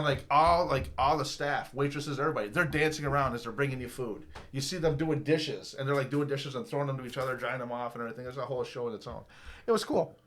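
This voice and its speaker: A man in his fifties telling a long, rambling, profane story on a podcast, lively when quoting people. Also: medium pitch. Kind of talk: casual storytelling.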